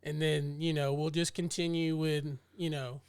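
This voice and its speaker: A man co-hosting a podcast in a loose, rambling chat, dropping swear words and "you know" all the way through. His voice sits a little high and comes across smooth and clear. The sound is dry and close to the mic. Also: little pitch movement, normal speed, no echo. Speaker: podcast co-host. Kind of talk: casual chat.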